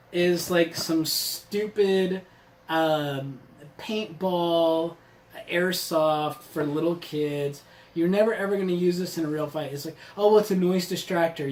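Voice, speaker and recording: A man's voice: a little high, rough recording. A man casually reviewing a survival gear box on his channel, rambling and sarcastic, swearing freely. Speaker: vlogger reviewing a subscription box.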